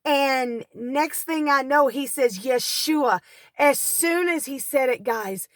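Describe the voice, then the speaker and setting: A woman's voice: sits high, slow pace, dry recording, studio quality. Earnest woman telling a testimony. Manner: earnest, animated storyteller who acts out cries. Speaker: deliverance minister. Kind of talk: personal testimony storytelling. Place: parked car.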